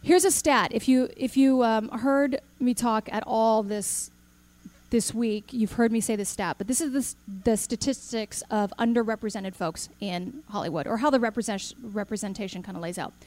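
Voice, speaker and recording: A woman giving a talk to an audience, telling a personal story with lively acted-out dialogue and questions to the crowd. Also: on the high side, moderate pace. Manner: animated storyteller, acts out quoted dialogue, asks the audience questions. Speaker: speaker.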